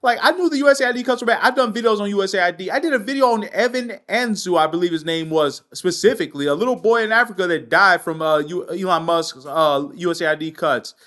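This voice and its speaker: A man hosting his own commentary show, reading news aloud and ranting loudly with heavy profanity. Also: sits high, fast talker, few pauses. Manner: loud. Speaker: political commentary host.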